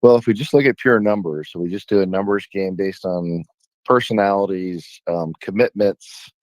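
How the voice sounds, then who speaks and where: A man with a very low voice speaks as a guest on a talk radio show. He lays out his points in a measured, methodical way, and the sound is dry and close. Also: a little mellow, no room sound. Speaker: state senator guest. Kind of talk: casual radio interview.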